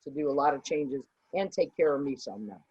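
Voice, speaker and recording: A woman's voice: very deep voice, expressive, brisk, warm tone, breathy edge, highs cut off. A middle-aged woman, a business owner, answering interview questions in an earnest, rambling way with many fillers and restarts. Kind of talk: conversational interview.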